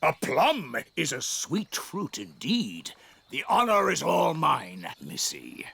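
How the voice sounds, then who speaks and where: Redbeard, a gravelly old elf pirate. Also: male voice, on the high side, huge pitch swings, takes it slowly, sharp tone, dry recording, heavily acted. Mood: hearty. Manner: hearty sea-dog talk with pirate slang. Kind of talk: cartoon voice acting.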